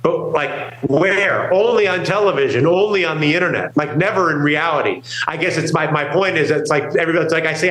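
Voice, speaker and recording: A man's voice: on the high side, quick pace, few pauses, a bit bright. Emphatic rambling man, echoey room. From New York, USA. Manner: rambling, emphatic, quotes imagined people. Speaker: co-host. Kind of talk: casual market talk show banter.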